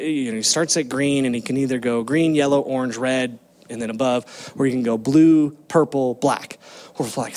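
Young pastor guy, kinda high voice, rambly story then prays. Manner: conversational storytelling, restarts, laughing asides. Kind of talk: sermon with personal story and closing prayer.

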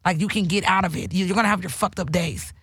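A woman's voice: fairly low pitch, fast, a bit bright, slightly rough, no echo, clean studio sound. A woman hosting her own podcast, talking candidly and emotionally, swearing often. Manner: emotional, preachy, heavy swearing. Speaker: host. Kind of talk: candid casual podcast talk.

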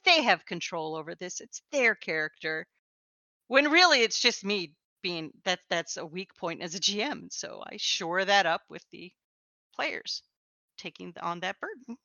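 A woman chats casually on a podcast, poking fun at herself and laughing often. Her voice is bright, with lively swings in pitch. The sound is dry and somewhat dull, like lo-fi podcast audio. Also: a little slow, dry recording. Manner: self-deprecating, laughs often. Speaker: podcast co-host and game master. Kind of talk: casual chat.

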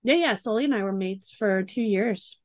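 A woman's voice: medium pitch, moderate pace, no room sound. A woman co-hosting a casual podcast chat, playful and giggly. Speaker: podcast co-host.

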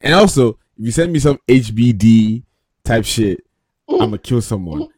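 A man's voice: mid-range voice, lively intonation, moderate pace, a little mellow, slightly rough, no room sound, clean studio sound. A man hosting a casual podcast chat, teasing his co-hosts and laughing often. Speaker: podcast host.

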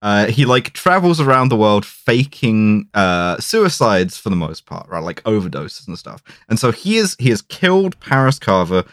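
A man co-hosting a casual podcast about a film, talking in an animated, sweary way with frequent restarts and laughs. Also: fairly low pitch, normal speed, few pauses, no echo, studio quality. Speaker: podcast co-host.

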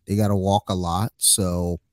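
A man with a low, deep voice hosts a podcast in relaxed conversation. He tells self-deprecating stories in an easygoing way. The sound is dry and close, with no room echo. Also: measured pace, clean tone. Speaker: podcast host. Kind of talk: casual chat.

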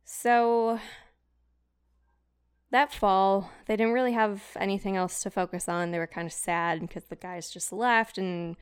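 A woman's voice: mid-range voice, fairly even intonation, measured pace, smooth. A woman hosting a podcast, telling a story in casual chat, rambling with lots of fillers and self-conscious asides. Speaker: podcast host.

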